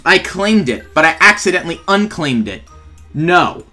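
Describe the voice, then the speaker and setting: Young gamer dude, sarcastic and jokey, bouncy pitch, sharp bright tone, faint music behind. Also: male voice, big pitch swings, normal speed. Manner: playful, sarcastic, often laughing. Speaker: gaming YouTuber. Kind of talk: gameplay commentary while trolling. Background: faint background music.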